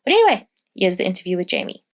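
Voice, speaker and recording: A woman introducing her podcast episode, speaking directly and warmly to her listeners. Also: fairly low pitch, sing-song, racing. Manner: friendly, addresses listeners directly. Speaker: podcast host.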